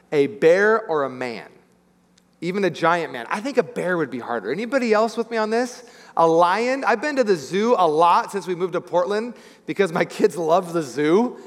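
A man preaching a sermon as pastor, telling a Bible story with lively acted-out voices. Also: high-pitched, big-room sound. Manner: animated storytelling, acting out biblical characters.

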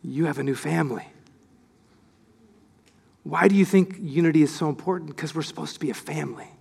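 High-voiced animated pastor, echoey hall. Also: male voice, brisk, creaky, breathy edge. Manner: animated, acts out quoted voices, excited. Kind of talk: sermon.

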